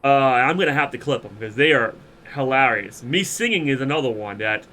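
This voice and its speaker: A man with a cold and congested chest chatting casually while streaming a game, rambling with throat-clearing. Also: mid-range voice, animated, fairly quick, bright, forceful tone.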